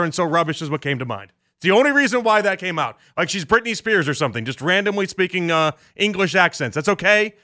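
A male sports radio host with a high, ringing, bright voice. He talks in an animated rapid-fire rant full of jokes and asides, keeping his listeners in on the argument. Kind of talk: sports talk radio monologue.

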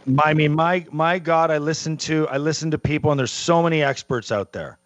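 A man's voice: on the high side, lo-fi sound, noisy background. Chatty sports radio host, man. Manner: talkative, repeats himself, quick asides. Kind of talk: casual sports radio chat.

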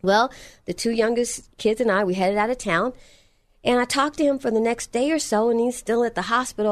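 A woman's voice: on the high side, fairly quick, no room sound. A middle-aged woman telling a personal testimony story in an earnest, emphatic way, repeating phrases for effect.

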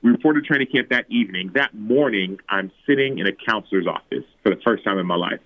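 Low-voiced man telling his story over a tinny line. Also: fast talker. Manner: animated retelling, acting out quotes in a higher voice. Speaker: guest, former football player. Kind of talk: personal storytelling in an interview. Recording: tinny phone-like remote line.

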